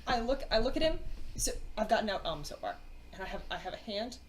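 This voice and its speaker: A woman's voice: mid-range voice, very animated, fast talker, a little hiss or hum. A woman playing a tabletop role-playing game, rambling and stammering as she describes her character. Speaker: player. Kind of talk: tabletop role-play chat.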